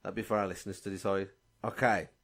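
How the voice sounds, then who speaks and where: A man hosting a comedy podcast who runs a quick game and prompts the others. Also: sits low, fairly even intonation. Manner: brisk, playful game-show prompting. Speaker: podcast host running a game. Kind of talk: casual comedy chat.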